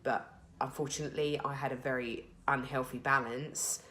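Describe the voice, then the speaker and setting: A woman's voice: very deep voice, fairly even intonation, normal speed, a bit bright. A woman in her thirties with a British accent, talking candidly and a little emotionally in a rambling personal video diary, full of fillers and restarts. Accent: British English. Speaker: vlogger sharing her recovery.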